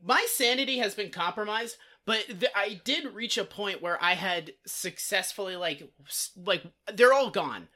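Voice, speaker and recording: A man's voice: sits high, lively intonation, unhurried, few pauses, bright, forceful tone. A man co-hosting a comedy podcast, telling a rambling, profane story full of "like" fillers. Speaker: podcast co-host.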